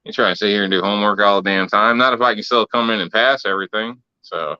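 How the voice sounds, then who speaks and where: A man's voice: lowish voice, fast, pushed and bright, smooth, no echo, highs cut off. A man co-hosting a casual podcast chat, ranting bluntly and swearing often. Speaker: podcast co-host.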